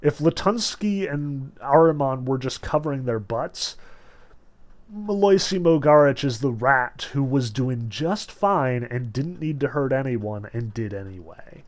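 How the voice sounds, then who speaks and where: A man's voice: medium pitch, measured pace. A man reading aloud from a novel and explaining it, blunt and casual in his asides, raising his voice when he quotes the characters. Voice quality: animated, swings into raised voices when quoting characters. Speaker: literature lecturer.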